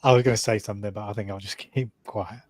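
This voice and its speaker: A man co-hosting a casual live-stream chat, dropping dry wisecracks and trailing off quietly. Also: on the low side, fairly even intonation, quick pace. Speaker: co-host.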